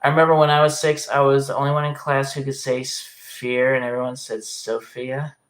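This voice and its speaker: A man's voice: medium pitch, little pitch movement, fairly quick, a bit bright. A man chatting casually on a livestream, reading comments aloud in a rambling, hesitant way and swearing often.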